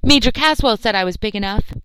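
A woman's voice: medium pitch, fast talker, smooth, dry recording, lightly acted, rough recording. A woman voicing an earnest, hot-tempered boy near thirteen in a storybook. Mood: eager.

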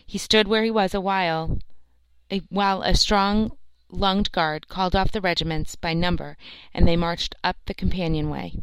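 A woman narrating a novel aloud, reading every part herself in a steady storytelling manner, close to the mic. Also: on the low side, normal speed, clean tone, dry recording, rough recording. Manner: steady storytelling, lightly acts the characters' lines. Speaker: audiobook narrator.

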